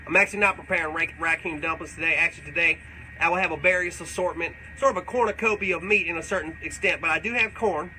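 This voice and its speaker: A man's voice: on the high side, quick pace, pushed and bright, a little hiss or hum, rough recording. A man playing a crude, boastful redneck character who rambles through tall tales and swears constantly during a comedic livestream Q&A. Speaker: comedic character answering fan questions.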